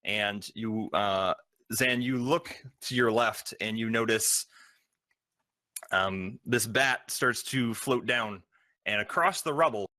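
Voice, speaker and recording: Slow, halting game master, man. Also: fairly low pitch, bright, forceful tone, no room sound. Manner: halting, filled with ums and uhs. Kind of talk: narrating a tabletop game.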